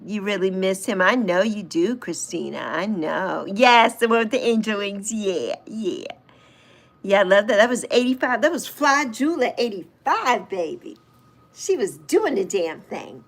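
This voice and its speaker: A woman's voice: mid-range voice, lively intonation, measured pace. A woman in her sixties hosting a casual livestream, chatting fondly and answering viewer comments as she goes. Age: 60s. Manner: fond, reminiscing. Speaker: livestream host.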